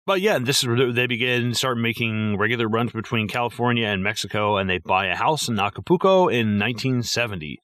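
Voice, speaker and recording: A man's voice: mid-range voice, lively intonation, fairly quick, few pauses, fairly bright tone, no room sound, clean studio sound. A man co-hosting a podcast, talking casually and profanely about a film with lots of fillers. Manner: rambling and profane, with many fillers. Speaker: podcast co-host. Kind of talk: casual movie-review chat.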